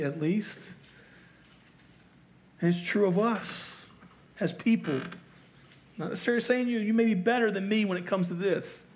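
Conversational male pastor preaching. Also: high voice. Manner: conversational, self-deprecating, asks the audience rhetorical questions. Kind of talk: sermon.

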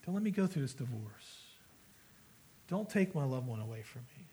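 A man's voice: medium pitch, big pitch swings, normal speed, mellow, husky. A man preaching a sermon as pastor, earnest and conversational, with frequent restarts.

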